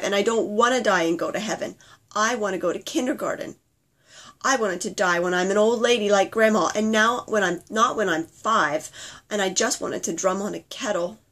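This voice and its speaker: A woman's voice: medium pitch, fairly bright tone. A woman reading her own childhood memoir aloud, telling it simply and earnestly in the voice of her five-year-old self. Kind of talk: memoir reading told in a child's present-tense voice.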